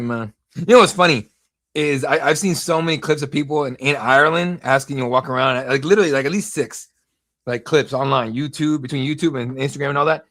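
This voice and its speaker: A young American man calls fights on a live watch-along stream in a fairly high, bright, forceful voice. He rambles and swears freely and jumps from complaints to excited play-by-play. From United States. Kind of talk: casual live fight commentary.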